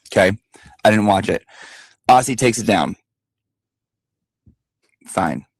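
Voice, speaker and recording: A lower-pitched man tells a story straight to the camera in a casual, emphatic vlog style. He swears freely and keeps circling back with little asides. The sound is dry and close. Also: no echo. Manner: emphatic and profane, with lots of asides. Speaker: vlogger.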